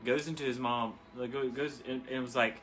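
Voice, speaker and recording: A man's voice: mid-range voice, steady tone, brisk, a bit bright, soft background music. A man co-hosting a crafting video, chatting casually in a laid-back, teasing way. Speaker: co-host of a crafting channel. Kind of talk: casual chat while crafting.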